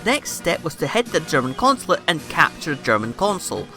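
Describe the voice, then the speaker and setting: A woman's voice: sits low, sing-song, fast talker, pushed and bright, soft background music. A woman telling a history story in a sarcastic, irreverent comedic style. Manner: sarcastic, irreverent, swears casually.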